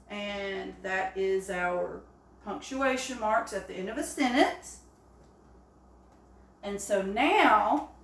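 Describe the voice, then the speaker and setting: Woman teacher, patient and encouraging, slow delivery, echoey classroom-style sound. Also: mid-range voice, fairly bright tone. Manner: slow, encouraging, with drawn-out examples. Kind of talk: early-grade phonics lesson. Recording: echoey room.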